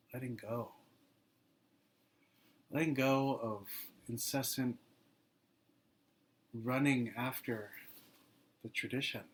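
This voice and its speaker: Male meditation teacher, casual dharma talk, mid-pitched, rambling and warm-humored, drops to a hush for emphasis. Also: husky. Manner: loose and conversational, heavy with "you know" and "like"; laughs easily between phrases.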